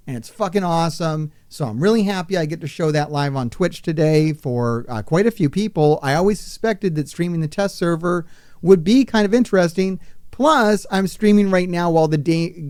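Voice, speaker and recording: Excitable profane man streaming a game. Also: a little high, no room sound, clean studio sound. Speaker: gaming streamer. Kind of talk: live game stream commentary.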